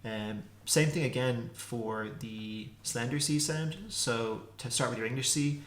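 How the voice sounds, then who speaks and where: A man teaching a casual pronunciation lesson, repeating consonant sounds slowly to demonstrate them. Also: mid-range voice, a bit bright. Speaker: language teacher. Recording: echoey room.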